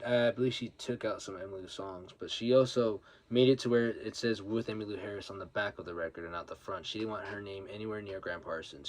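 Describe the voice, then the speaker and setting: A young man casually chatting about his vinyl records, telling rambling stories and swearing freely, while grieving a late friend. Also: fairly low pitch. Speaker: record collector vlogger. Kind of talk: casual vinyl haul chat.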